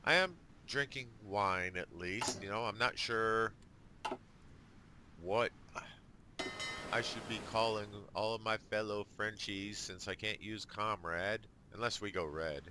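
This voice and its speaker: A man's voice: fairly low pitch, a little slow, background noise. A man giving casual let's play commentary on a strategy game, thinking aloud with dry jokes. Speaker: gamer.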